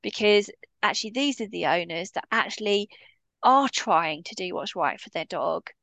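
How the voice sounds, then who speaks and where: A woman's voice: medium pitch, expressive, normal speed, vocal fry, a bit bright, no room sound. A woman dog behaviourist giving a podcast interview, speaking bluntly and with strong feeling. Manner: blunt, impassioned.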